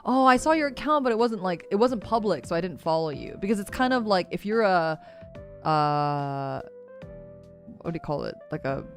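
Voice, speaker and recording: A young adult woman streamer in casual chat, rambling and gushing, laughing often and swearing freely. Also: on the low side.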